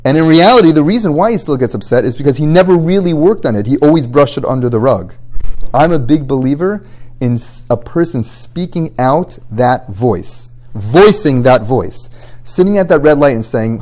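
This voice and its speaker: A man's voice: a little high, expressive, moderate pace, darkish tone. Earnest male rabbi teaching ethics. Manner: acts out both sides of dialogues with students; earnest, explanatory, rising intensity on key points. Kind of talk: short recorded ethics talk.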